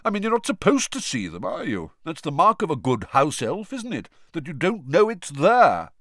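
A man's voice: fairly high pitch, huge pitch swings, normal speed, a bit bright, no echo, studio quality, pitched above the performer's own voice. A man voicing a prim, pompous old male ghost. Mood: genteel, chatty. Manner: prim and chatty, full of gossip.

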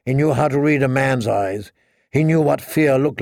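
Gravelly male audiobook narrator. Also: medium pitch, no room sound, clean studio sound. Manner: steady, measured reading. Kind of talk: scripted narration.

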